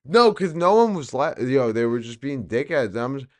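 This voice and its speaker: A man's voice: medium pitch, big pitch swings, normal speed. A man hosting a podcast, chatting and joking casually with a guest. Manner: joking, puts on mock voices. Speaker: podcast host.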